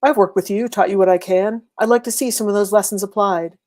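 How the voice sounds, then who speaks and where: A woman voicing a calm old veteran mentor. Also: medium pitch, brisk, close to an everyday voice. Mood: encouraging. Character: gruff older male war veteran mentor. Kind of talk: audiobook character voice.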